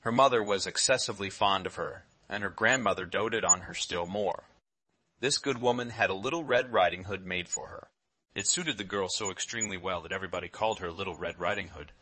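A man with a very low, forceful, bright-edged voice reading a fairy tale aloud. He tells it in a measured, expressive way, with clear, deliberate phrasing. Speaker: storyteller.

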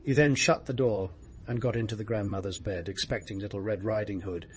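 A man narrating a fairy tale in a steady, measured storybook reading. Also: lowish voice, a little hiss or hum.

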